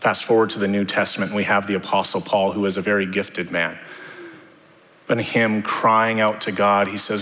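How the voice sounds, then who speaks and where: A man's voice: on the low side, little pitch movement, fairly quick, pushed and bright. A man preaching a sermon, talking to the congregation in a conversational way with many rhetorical questions. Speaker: pastor. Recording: long hall reverb.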